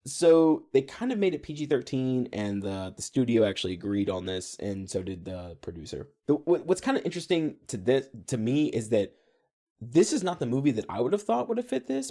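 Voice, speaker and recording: A young man co-hosting a podcast, chatting casually and laying out facts in a relaxed way. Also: medium pitch, brisk. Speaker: podcast co-host. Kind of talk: casual chat.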